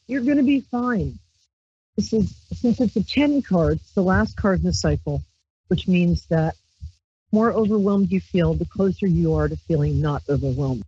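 A woman from Brooklyn with a lowish, mellow, breathy voice reads tarot cards on a handheld mic while hosting a psychic call-in radio show. She rambles, chats and plays around, squealing exclamations. It's a dry recording of dull lo-fi stream audio.

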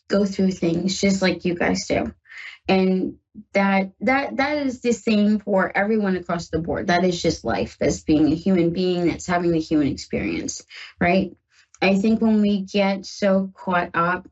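A woman with a husky, slightly breathy voice hosting a psychic call-in radio show. She chats warmly to her listeners and reads tarot cards for callers. The sound is a little dull and muffled, like a radio broadcast. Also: mid-range voice. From northern United States. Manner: chatty and reassuring, addresses listeners as guys. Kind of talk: live call-in tarot reading.

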